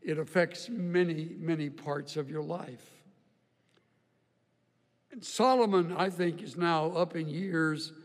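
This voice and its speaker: Older male pastor, folksy joking sermon delivery, slow pace, echoing hall. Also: fairly high pitch, steady tone. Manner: folksy storytelling with humor, repeats words. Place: church auditorium.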